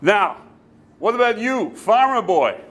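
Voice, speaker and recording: An actor playing a pompous, bossy senior weather forecaster who speaks stiff, halting formal English in a put-on accent. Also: male voice, high voice, big pitch swings, a bit bright, heavily acted. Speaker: comic actor. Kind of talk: amateur comedy sketch.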